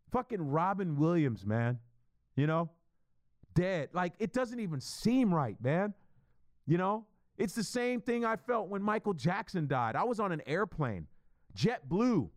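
A middle-aged man hosting a solo podcast, rambling profanely in an animated, stream-of-consciousness monologue. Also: on the high side, a little slow, no echo. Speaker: podcast host.

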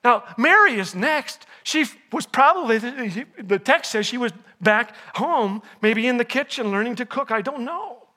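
A man preaching a chapel sermon in a high voice with a bright, forceful edge. He keeps it jokey and asks the audience questions. He acts out the lines of the people in the story as he goes. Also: lively intonation, normal speed, hardly any pauses. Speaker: chapel speaker. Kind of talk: humorous sermon.

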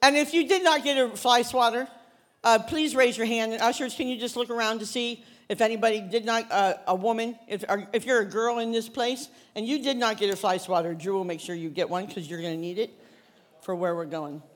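Woman, pastor, sermon, casual storytelling, acts out characters, high voice. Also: a little fast. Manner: animated storytelling, acts out biblical characters in casual modern speech.

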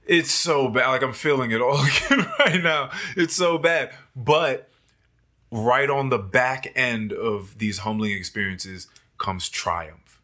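Guy just chatting on a podcast, bright forceful voice, acts out his old thoughts, laughs a lot. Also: medium pitch, takes it slowly. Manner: animated, acts out his own past thoughts in quoted voices, laughs often. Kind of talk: casual chat.

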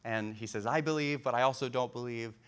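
A man preaching a sermon, reading scripture aloud and then riffing on it in a casual, animated way, with laughter and many fillers. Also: medium pitch, brisk, clear, resonant tone. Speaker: pastor.

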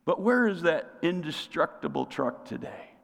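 A male pastor preaches to his congregation in a slightly high, gravelly voice, tossing out questions and calling for them to answer back. His words ring out with the long reverb of a large church sanctuary. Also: animated, normal speed, fairly bright tone. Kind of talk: sermon.

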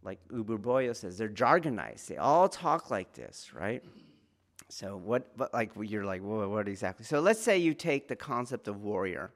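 A man's voice: lowish voice, sing-song, unhurried. A man teaching about martial arts in an informal lecture, talking conversationally and often checking whether listeners follow.

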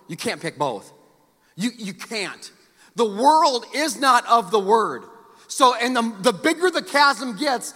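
A man preaching a sermon as pastor, emphatic and animated, with joking asides. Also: sits high. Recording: long church hall reverb.

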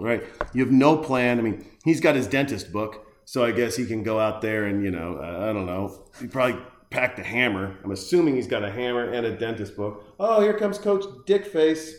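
A man's voice: medium pitch, a little mellow, roomy sound. A man riffing on a movie in profane comedic commentary, ranting with crude outbursts. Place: home room with a dog running around.

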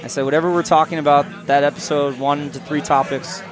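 A man's voice: a little high, level tone, a little fast. A man hosting a podcast, joking around in casual chat at an outdoor pizza pop-up. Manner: joking, does silly voices in stories. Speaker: podcast host. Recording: loud music and crowd behind.

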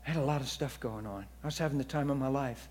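A man preaching a sermon in a church hall, telling stories in a voice that drops to hushed near-whispers and then rises to loud, excited bursts. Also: medium pitch, quick pace, a little hiss or hum. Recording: long hall reverb.

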